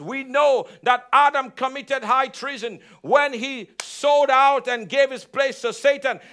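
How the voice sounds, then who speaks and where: A man's voice: extremely high pitch, a bit bright. A man preaching a sermon as pastor, emphatic and repetitive, drawing call-and-response answers from his congregation. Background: congregation answering amen.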